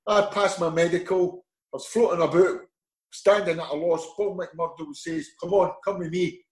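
Lively Scottish man telling stories. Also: high voice, normal speed, echoey room, low-quality recording. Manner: lively, animated storyteller acting out dialogue. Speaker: interview guest, former footballer. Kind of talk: anecdotal storytelling.

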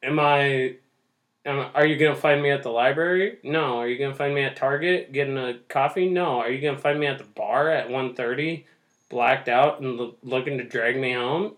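A man's voice: mid-range voice, a bit bright. A man co-hosting a casual podcast, talking loosely and crudely, swearing often and joking around. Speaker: podcast co-host. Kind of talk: casual chat.

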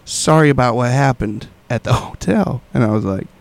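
A man's voice: mid-range voice, moderate pace, vocal fry. A young man telling a wild story in casual chat, laughing often and acting out voices and sounds.

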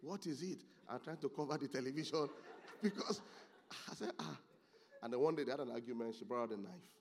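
A man preaching a sermon as pastor, moving from low, quiet asides to loud, excited exclamations. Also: quick pace.

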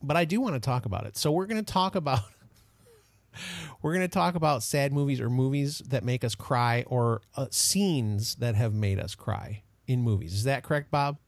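A man co-hosting a podcast, chatting casually in an animated, joking way. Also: medium pitch, moderate pace, no room sound. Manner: animated, joking, self-deprecating. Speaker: podcast co-host. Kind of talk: casual chat.

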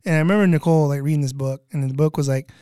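A man's voice: a little high, rapid-fire, clear, resonant tone, dry recording. Podcast guest, middle-aged man, chatty storyteller who slips into other people's voices, dry close sound. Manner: animated, acts out quoted voices. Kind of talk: casual storytelling.

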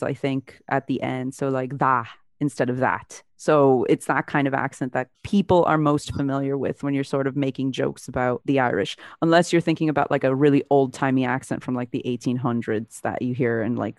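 A woman's voice: rumbling low, a little mellow, dry recording. Chatty woman podcaster, dry close sound. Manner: chatty, laughs often, many fillers. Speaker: podcast co-host. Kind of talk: casual chat.

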